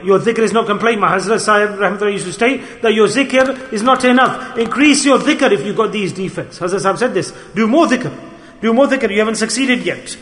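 A high, bright male voice delivers an earnest sermon, pressing his listeners with questions. The sound rings through a large hall with a long, echoing reverb. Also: brisk. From United Kingdom. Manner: earnest, exhorting, questions the audience. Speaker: Sufi sheikh.

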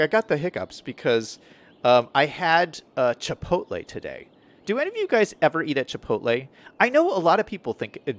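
A man streaming a city-building game, chatting casually and thinking aloud as he plans, often correcting himself mid-sentence. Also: a little high. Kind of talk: casual gameplay commentary.

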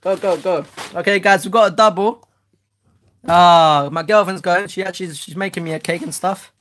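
Excitable woman vlogging. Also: fairly low pitch, normal speed. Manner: excitable, chatty, swears loudly when let down. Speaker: host. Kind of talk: casual unboxing vlog.

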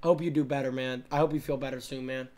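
Young man streamer, brash, loud and profane, mid-pitch voice. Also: steady tone, fast talker, noisy background. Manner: brash, profane, erupts into shouting. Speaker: streamer reacting to game clips. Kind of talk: loud casual stream commentary.

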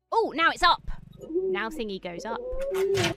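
A young woman streaming games, excitable, often laughing and yelping. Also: sits high, moderate pace, long pauses, over music. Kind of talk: gaming livestream commentary.

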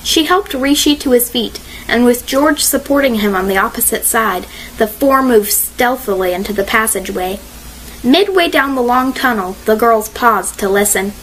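A woman narrating a mystery audiobook in a measured, expressive reading style. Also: fairly high pitch, a little hiss or hum, low-quality recording.

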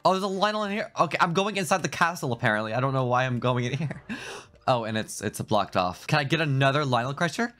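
A man doing jokey let's-play commentary over a video game, often laughing mid-sentence and jumping up in pitch when excited. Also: a little fast. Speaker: gaming YouTuber.

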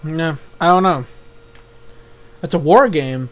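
A young man giving live reaction commentary, excitable, thinking aloud and swearing often. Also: a little high, takes it slowly. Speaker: YouTube reaction host.

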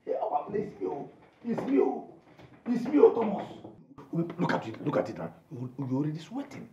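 An actor playing an excitable male friend who stammers and pleads while trying to calm things down. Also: on the high side, normal speed, lo-fi sound, noisy background. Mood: pleading. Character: jittery male friend, self-styled fixer. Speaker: friend and fixer. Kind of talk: film drama acting. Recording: echoey room with music under.

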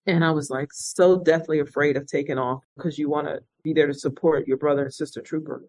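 A woman's voice: sits low, fairly quick, dry recording, poor audio. Earnest woman telling her story, dry sound. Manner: earnest, reflective, animated when quoting others. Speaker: interview guest, retired state police officer. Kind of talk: conversational storytelling.

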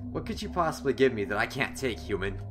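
A man's voice: mid-range voice, animated, fast, noisy background, close to an everyday voice. A man voicing a sinister male creature that poses as a human, speaking in a mocking, taunting way while reading a visual novel aloud. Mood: mocking menace.

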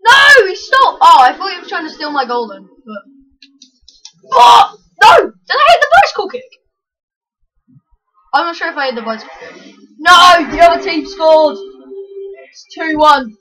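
A woman giving excitable live commentary over her own gameplay, yelling at the screen with quick self-mocking asides. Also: sits high, low-quality recording. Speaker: gaming channel host.

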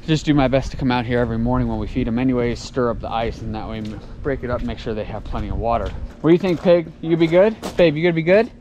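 A man's voice: mid-range voice, darkish tone, a little hiss or hum. A man from Tennessee, vlogging casually outdoors in a farmyard while he does chores, ranting and sarcastic. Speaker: homestead vlogger. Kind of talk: casual vlog.

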